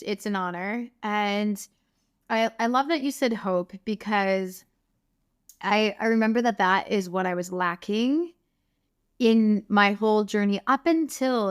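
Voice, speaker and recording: Woman, interview guest, earnest, passionate, smooth clear voice, middle pitch. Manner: earnest and passionate, voice rising with feeling. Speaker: guest, wellness clinic founder. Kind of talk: emotional personal storytelling.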